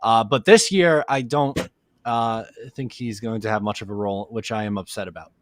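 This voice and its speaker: A man giving a measured, slightly hesitant take on a casual panel. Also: lowish voice, no room sound.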